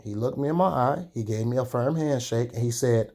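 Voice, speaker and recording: A Chicago sneaker vlogger, a young man, speaks candidly to his viewers in a warm, mellow voice of ordinary pitch. He tells his story chattily, with long, drawn-out pauses.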